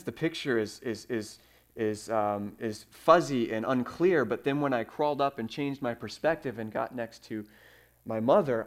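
A man preaching a sermon, telling stories with fillers and sudden swings in loudness. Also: medium pitch. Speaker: pastor.

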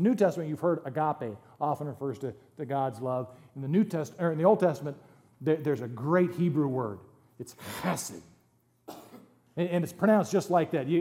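A man's voice: fairly high pitch, darkish tone. A man preaching a sermon to his congregation in a conversational, humorous way, with jokes and asides. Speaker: pastor. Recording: long hall reverb.

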